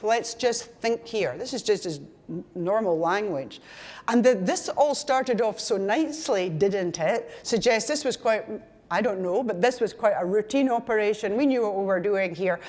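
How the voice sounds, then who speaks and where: A woman's voice: mid-range voice, darkish tone. An older Scottish woman giving a conference lecture, talking in a chatty, digressive way with asides and self-corrections. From Scotland. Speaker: conference speaker.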